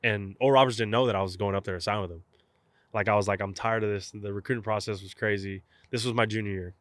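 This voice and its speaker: A young man from South Texas with a fairly low voice tells a story in an easy, casual way. He acts out each side of the conversations he remembers. The sound is dry and close, with no room echo. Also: quick pace. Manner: animated storyteller, acts out both sides of phone calls. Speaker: guest, professional baseball catcher.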